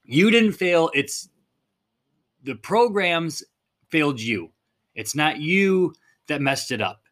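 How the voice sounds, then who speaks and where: A man's voice: a little high, expressive, takes it slowly, fairly bright tone. Blunt, fired-up man hosting a podcast. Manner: blunt and fired-up, swears casually. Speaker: fitness podcast host. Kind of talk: unscripted podcast monologue.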